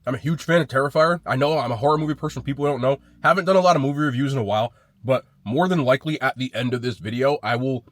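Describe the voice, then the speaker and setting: A food vlogger talks fast through a casual sandwich review, scoring each one bluntly and swearing loosely. His voice sits at an ordinary middle pitch, and the recording is close and dry with no room sound.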